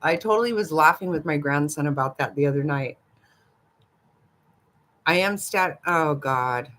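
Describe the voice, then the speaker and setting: A woman's voice: deep voice, a little slow, a bit bright. An older woman hosting a casual livestream, chatting gossipily with viewers and giggling often. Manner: giggly, gossipy, talks back to chat. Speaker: livestream host. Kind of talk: casual live chat with viewers.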